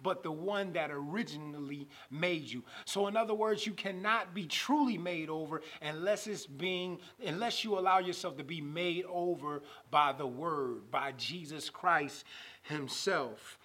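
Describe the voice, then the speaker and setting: A man preaching a sermon, building to loud emphatic passages and slowing to draw out scripture. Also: a little high.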